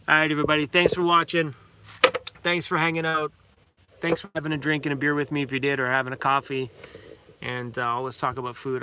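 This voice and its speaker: A man's voice: medium pitch, background noise. A man, hosting a casual livestream chat in a rambling, heartfelt way and talking fondly to his dog. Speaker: vlogger host.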